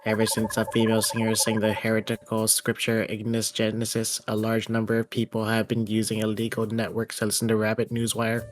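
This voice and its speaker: A man voicing a stern network announcer in a flat, robotic monotone for a fan-voiced game. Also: lowish voice, brisk, hardly any pauses, background noise, close to an everyday voice.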